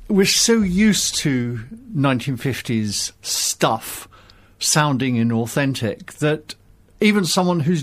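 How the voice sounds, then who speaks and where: A man taking part as a guest in a conversational film discussion, talking articulately with wry opinions. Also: a little high. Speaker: guest commentator.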